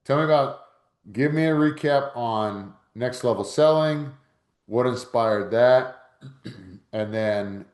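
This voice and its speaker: A man hosting an interview, talking in a relaxed, matey way. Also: mid-range voice, slow, roomy sound. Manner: relaxed, matey, says dude. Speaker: interview host. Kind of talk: casual interview chat.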